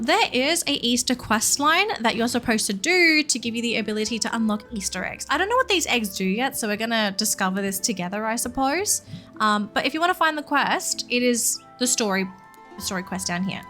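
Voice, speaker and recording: A woman's voice: a little high, lively intonation, normal speed, bright, forceful tone, soft background music. A young woman casually commenting on a horse game as she plays, chatting to the characters on screen. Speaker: gaming channel host.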